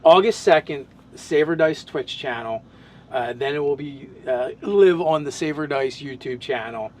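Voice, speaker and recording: A man's voice: on the high side, a little slow, a little mellow. A man in casual podcast chat, describing his tabletop game character, talking in loose, rambling sentences full of restarts and fillers.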